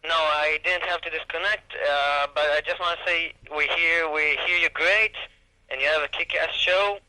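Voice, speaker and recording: A man's voice: a little high, fairly even intonation, normal speed, pushed and bright. A man calling in to a radio show, hesitant and full of fillers, heard over a phone line. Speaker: caller.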